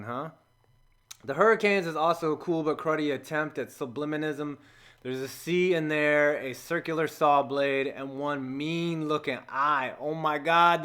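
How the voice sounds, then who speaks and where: An American man giving a sarcastic, jokey, scripted voice-over, with sudden loud outbursts between flat asides. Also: a little high, unhurried, clean tone. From United States. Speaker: comedy video host.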